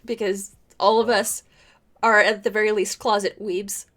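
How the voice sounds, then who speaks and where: A woman's voice: medium pitch, flat delivery, unhurried, fairly bright tone. A woman hosting a casual livestream chat, laughing, swearing and rambling. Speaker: podcast host.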